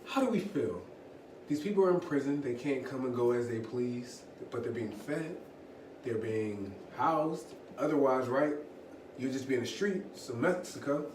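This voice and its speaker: A man's voice: mid-range voice, animated, normal speed, darkish tone. A man co-hosting a casual podcast chat, setting up topics and posing questions conversationally. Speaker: podcast co-host. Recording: roomy, distant mic, faint noise.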